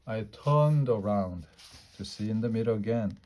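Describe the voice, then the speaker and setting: A man with a fairly low voice reads a children's book aloud. He keeps it lively and playful. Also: normal speed. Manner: lively, playful character voices in a child's first-person story. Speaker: storybook reader.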